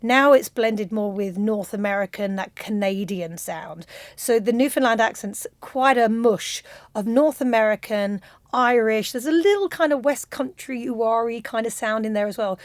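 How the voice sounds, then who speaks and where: A woman's voice: fairly high pitch, normal speed, no echo. A middle-aged woman from London with a London accent, a choreographer and director chatting enthusiastically as a radio interview guest on a studio mic. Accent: London English.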